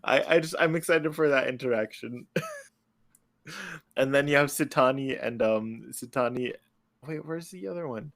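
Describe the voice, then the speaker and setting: A man's voice: medium pitch, normal speed, vocal fry, a bit bright. A man chatting casually about his tabletop campaign characters, laughing often as he talks. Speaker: tabletop game player.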